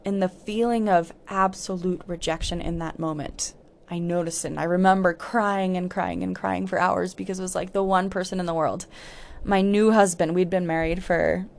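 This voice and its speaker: A woman's voice: on the low side, steady tone, moderate pace, creaky. A woman hosting a podcast, telling a candid personal story in a reflective way, with frequent "like" fillers. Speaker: podcast host. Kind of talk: personal storytelling about healing.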